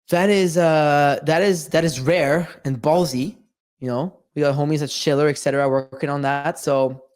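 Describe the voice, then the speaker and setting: A man's voice: a little high, a little mellow. A man hosting a casual livestream, talking in a loose, slangy way with lots of fillers. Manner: loose, slangy, restless talk with many fillers. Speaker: host.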